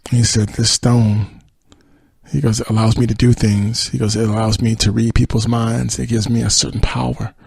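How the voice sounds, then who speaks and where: A man's voice: medium pitch, flat delivery, moderate pace, gravelly, a little mellow, slightly rough, dry recording. A male podcast host casually retelling a TV episode, rambling with many fillers and acted-out quotes.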